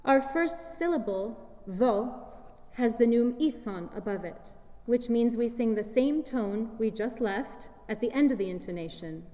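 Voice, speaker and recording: A woman's voice: on the high side, animated, mellow. Woman lecturing in a reverberant hall. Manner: measured, explanatory, sings short chant fragments. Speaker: singer and presenter. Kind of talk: scripted lecture-recital talk. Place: large hall.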